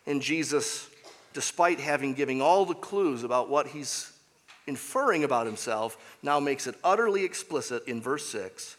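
A man's voice: medium pitch, lively intonation, normal speed, long reverb tail. A man preaching a sermon as pastor, emphatic and repeating key phrases for weight.

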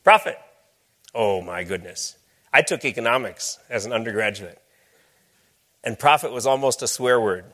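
A man's voice: medium pitch, very animated, normal speed, fairly bright tone. A man giving a lecture with slides, talking in a conversational, storytelling way. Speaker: speaker.

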